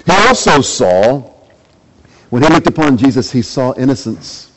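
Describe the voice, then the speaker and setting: Speaking at normal speed in an animated way, this pastor reads scripture and keeps posing rhetorical questions to his listeners. Quoted lines get acted out, his pitch rising as he does. The recording sounds rough.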